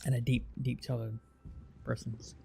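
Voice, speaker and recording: Gravelly British man chatting. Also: mid-range voice, little pitch movement, normal speed, mellow, soft background music. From Britain. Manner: chatty, restarts a lot, explains at length. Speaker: streamer. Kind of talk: casual chat reading viewer comments.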